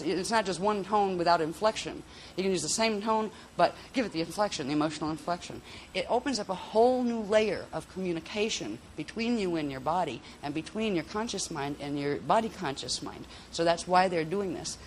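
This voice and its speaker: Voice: mid-range voice, lively intonation, fairly quick, a little hiss or hum. A workshop instructor giving a casual spoken lesson on vocal toning, talking in a rambling, chatty way with restarts, into a handheld mic.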